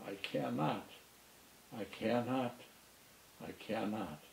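A man's voice: lowish voice, creaky, reverberant, a little hiss or hum, voice pushed down, heavily acted, poor audio. A man doing a tired old rusty engine. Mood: weary. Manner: weary, sighing, slow.

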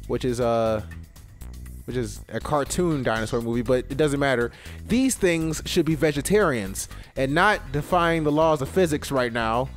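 A young man giving casual let's-play commentary, excitable, swearing often and talking to himself as he plays. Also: mid-range voice, normal speed, soft background music. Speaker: gaming video host.

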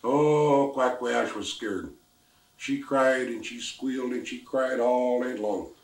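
An older man from the Pacific Northwest telling a folk tale in a lively, folksy way with exclamations. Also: medium pitch, takes it slowly. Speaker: storyteller. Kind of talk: oral storytelling. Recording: roomy, mic at a distance.

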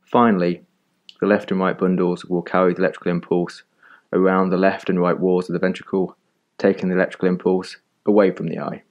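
Deep-voiced man explaining calmly. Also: highs cut off. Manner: calm, measured explanations. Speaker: medical educator narrating. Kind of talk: scripted educational narration.

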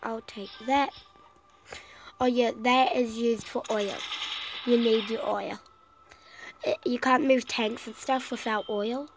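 A woman's voice: on the high side, steady tone, takes it slowly, long pauses, noisy background. A woman with a cough, casually commenting on her own strategy game play and rambling to herself with many fillers. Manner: rambling, self-talking, trailing off with fillers. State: sick with a cough. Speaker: gameplay commentator.

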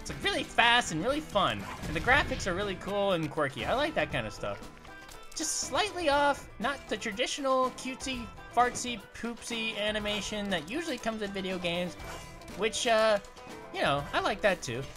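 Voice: mid-range voice, normal speed, close to an everyday voice. A performer voicing a cheerful young male cartoon grape who jokes and cries out while playing a video game, over faint music. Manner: excitable, jokey, cries out at near misses. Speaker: let's play commentator. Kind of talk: cartoon character let's play commentary.

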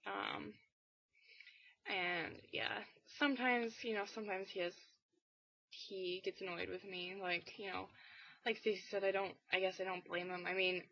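Tired teen girl vlogger, rambly and low-key, full of fillers, dry muffled webcam sound. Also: steady tone, unhurried, vocal fry, no room sound. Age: teens. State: tired and under the weather. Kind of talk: casual weekly vlog chat. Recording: dull, dry lo-fi webcam audio.

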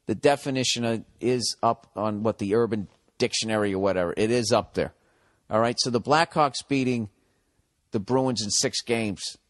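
A man's voice: lowish voice, no room sound, clean studio sound. A man in his forties from the United States, hosting a comedy podcast in a blunt, profane, ranting monologue, giving advice. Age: 40s. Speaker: podcast host.

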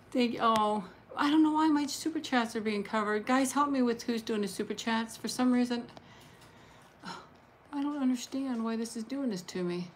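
A woman hosting a casual live stream, chatting warmly and gushing, thanking viewers one by one. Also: fairly high pitch, normal speed, slight background noise. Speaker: livestream host showing handmade junk journals.

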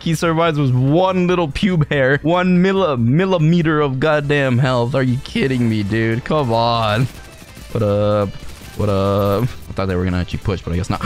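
A man commenting casually on his own online match, excitable and jokey, yelping at surprises. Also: mid-range voice, normal speed, soft background music. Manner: excitable, jokey, laughs often and yelps at surprises. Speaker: gaming channel host.

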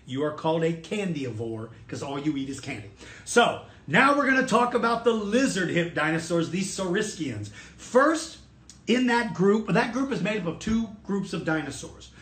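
A man's voice: high voice, big pitch swings, moderate pace, a bit bright. A man giving an online lesson for children, talking to them directly with enthusiasm. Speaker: dinosaur educator. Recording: roomy echo.

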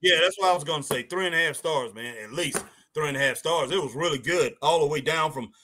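Man, wrestling stream host, casual, excitable, bright high voice. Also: quick pace, a little hiss or hum. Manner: excitable, laughing, drawling, calls everyone man and boy.

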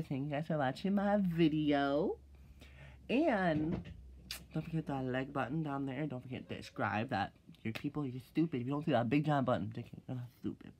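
A teenage boy rambling through a casual vlog, full of "like" and "freaking", swearing freely and jumping into loud, high exclaims when he mocks something. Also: slightly rough. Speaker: vlogger.

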